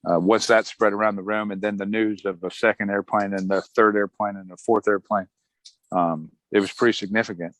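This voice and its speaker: A man's voice: on the low side, fairly quick, no room sound, poor audio. A middle-aged man, an Army veteran, telling his story casually in an interview, acting out other people's lines with a chuckle. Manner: relaxed, chuckling, acts out quotes of others.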